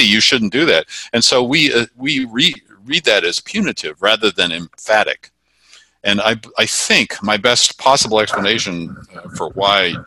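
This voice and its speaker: A man, a communication expert, explaining body-language tips in an interview, measured and full of fillers and restarts. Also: lowish voice, bright, forceful tone, no room sound.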